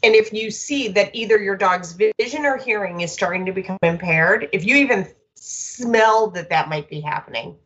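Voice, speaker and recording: A woman dog trainer talking in a lively, storytelling way, full of quick asides. The recording is a bit dull and lo-fi, as if the highs were rolled off. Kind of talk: casual conversational chat.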